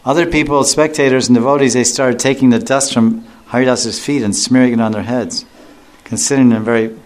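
A man teaching a devotional scripture class in a relaxed, joking way, often chuckling. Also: medium pitch, a little fast. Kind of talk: scripture lecture.

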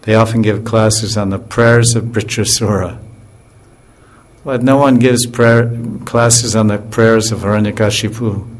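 A man giving an informal scripture class in a relaxed way, with chuckles and frequent fillers and restarts. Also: on the low side, measured pace.

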